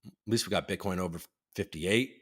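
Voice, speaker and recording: A man's voice: low-pitched, a little fast, slightly rough. A man hosting a casual livestream, reading news headlines aloud and tossing in joking asides. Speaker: host.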